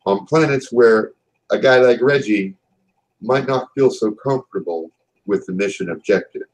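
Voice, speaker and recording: A man voicing a stern but wry male company boss who talks in a measured, businesslike way, pausing on fillers. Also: on the low side, natural voice, rough recording.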